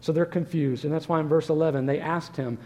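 A man preaches to his congregation in an earnest way, asking rhetorical questions as he works through the text. His voice sits a little high yet sounds mellow and warm. A long reverb trails each phrase, as if from a church sanctuary. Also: steady tone, quick pace. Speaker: pastor. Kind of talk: sermon.

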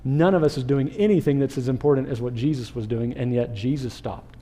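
A man preaching a sermon as pastor, animated, asking the listeners questions and acting out crowd voices. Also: mid-range voice, fairly quick.

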